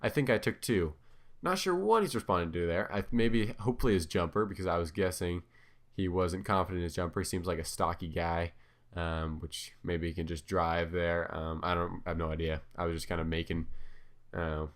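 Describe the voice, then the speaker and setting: A man's voice: sits low, brisk. A man giving casual commentary over his own clips, talking hesitantly with many ums and restarts. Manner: filler-heavy, hesitant, self-correcting.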